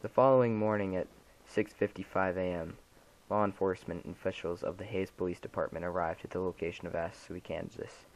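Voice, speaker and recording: A man with a low voice reads a horror story aloud, grave and measured. He trips over a word now and then but keeps an even, serious tone. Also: low-quality recording. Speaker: narrator. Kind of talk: scripted horror narration.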